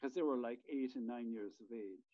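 A man's voice: mid-range voice, normal speed, lo-fi sound. A man, a podcast guest telling a rambling, profane story in casual chat. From Ireland. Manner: rambling, swears freely, many restarts.

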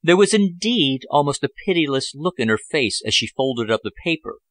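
A man narrating a novel chapter as an audiobook, in a measured, even storytelling manner. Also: a little high, dry recording. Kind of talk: scripted narration.

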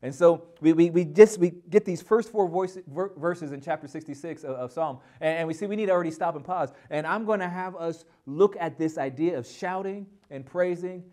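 Brief: male pastor teaching, high voice, emphatic, energetic, repeats words at the start of phrases. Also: brisk, hardly any pauses. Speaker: pastor teaching a Bible lesson. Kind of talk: sermon.

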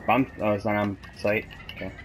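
Low-voiced laid-back gamer man, joking on headset chat, music loud behind. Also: fairly even intonation, brisk. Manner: joking, laughs a lot. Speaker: gamer teammate. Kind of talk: casual voice chat.

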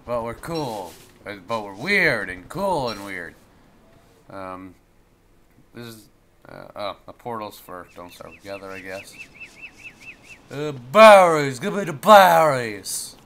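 A man from the United States rambling goofily through let's play commentary, his voice going hoarse. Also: sits low, lively intonation, unhurried, sharp tone, a little hiss or hum. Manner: rambling, goofy, talks to the game. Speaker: gameplay commentator.

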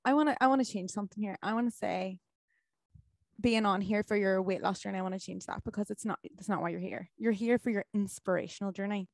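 Woman host, encouraging, dry close sound, mid pitch. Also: quick pace, vocal fry, no echo. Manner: emotional, encouraging, rambling with fillers. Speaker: podcast host. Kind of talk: casual interview chat.

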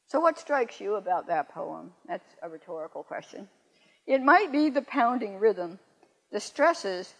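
A woman's voice: lowish voice, lively intonation, husky. Older woman lecturing in a reverberant hall. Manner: measured, slows down to read verse aloud; self-correcting, wry asides. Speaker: poet lecturing. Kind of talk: lecture with poetry reading.

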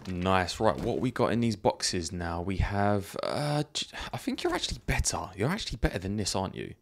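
Low and sing-song, his creaky voice moves at a normal speed, with a little hiss or hum in the recording. A gaming YouTuber, he gives relaxed let's play commentary on a zombie survival game, musing aloud and laughing frequently.

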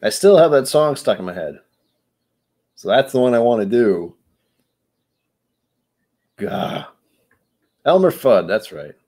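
A man's voice: medium pitch, sing-song, takes it slowly, pauses often, a little mellow. A man hosting a casual livestream, a bit tipsy from whiskey, rambling with loose, self-mocking jokey asides. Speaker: livestream host.

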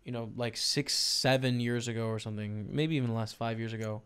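A man with a smooth, resonant voice chats casually to his viewers while watching poker footage. He rambles and muses aloud in an easy, conversational way, with a mid-range pitch. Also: steady tone, a little fast, fairly bright tone. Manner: rambling, chatty, addresses viewers directly. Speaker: poker YouTuber commenting over a broadcast.

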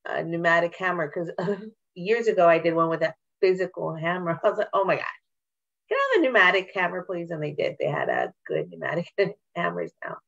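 A woman's voice: on the low side, vocal fry, dull audio. A woman on a discussion panel, cheerful and laughing often while sharing stories. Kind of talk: casual chat.

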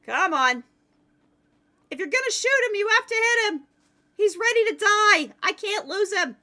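A woman streaming a game live, commenting excitedly to her chat and teammates. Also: very high voice, moderate pace.

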